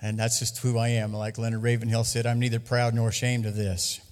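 A man preaching a sermon to a church congregation, lively and loud at times. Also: medium pitch, fairly quick, long reverb tail. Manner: lively, loud bursts, sings and laughs at times. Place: church hall. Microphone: handheld mic.

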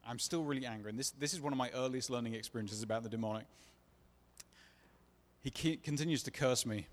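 Preacher giving a testimony, earnest, mid-pitched man, echoing hall. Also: fast talker. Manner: earnest, confessional, acts out dialogue. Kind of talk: sermon testimony storytelling. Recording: long reverb of a large hall.

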